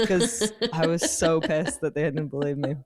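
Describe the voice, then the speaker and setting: A woman co-hosting a podcast in casual chat, telling animated stories, laughing often and acting out what people said. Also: low-pitched, no echo, studio quality. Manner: animated storyteller, laughs often, acts out quotes. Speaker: podcast co-host.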